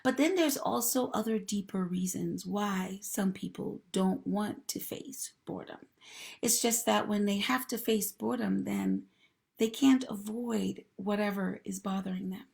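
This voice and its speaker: Woman host with a gravelly voice. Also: medium pitch, steady tone, measured pace, darkish tone. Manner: encouraging, talks directly to viewers and greets commenters. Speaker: host and mental health professional. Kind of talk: live-streamed advice talk.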